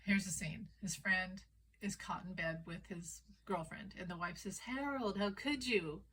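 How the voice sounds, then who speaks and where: A woman's voice: lowish voice, normal speed, a little hiss or hum, low-quality recording. A woman giving casual political commentary, retelling stories animatedly and acting out the quoted lines. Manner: animated storyteller, acts out quoted dialogue.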